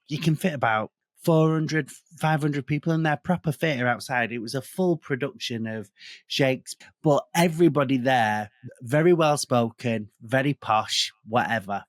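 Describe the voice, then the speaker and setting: A man with a Manchester accent, co-hosting a podcast and telling animated, sweary stories in casual chat. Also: mid-range voice, dry recording, clean studio sound. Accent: Manchester English. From Northern England. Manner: animated storyteller who swears freely. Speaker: podcast co-host.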